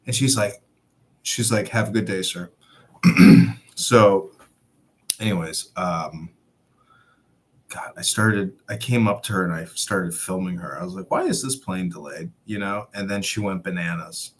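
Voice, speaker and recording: A man's voice: low voice, a little slow. A man telling a rambling travel anecdote in casual chat, acting out the other people's lines and laughing along. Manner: animated anecdote-telling with acted-out quotes and laughs.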